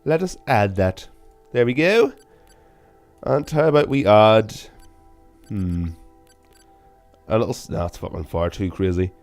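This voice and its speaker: A young man giving casual, self-mocking game commentary, with sudden loud bursts of excitement. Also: lowish voice, measured pace, long pauses, faint music behind. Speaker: gaming channel host.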